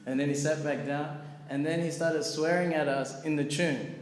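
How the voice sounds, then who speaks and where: A man with a somewhat high voice tells a story to a gathering and acts out each person in it with lively voices. The sound rings with long reverb from a large hall. Faint background noise sits behind his voice. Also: moderate pace. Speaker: monk telling a story. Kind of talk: storytelling talk.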